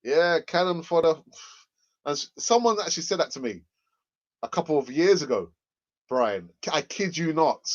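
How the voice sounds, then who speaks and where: An excitable man chats casually on a fan livestream, with a voice pitched a little above the usual. He repeats himself for emphasis, and the audio sounds dull and lo-fi. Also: normal speed, pauses often. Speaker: football fan channel host.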